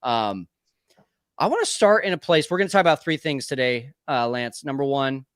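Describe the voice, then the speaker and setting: A man's voice: medium pitch, lively intonation, moderate pace, smooth, no echo, clean studio sound. A man hosting a live sports talk stream, upbeat and chatty, calling his guests brother. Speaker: podcast host.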